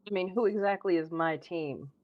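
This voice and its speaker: A woman's voice: on the low side, normal speed, narrow, tinny audio. A woman playing in a tabletop role-playing game, asking practical questions about the plan. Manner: inquisitive, asks planning questions. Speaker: player. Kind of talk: tabletop role-play chat.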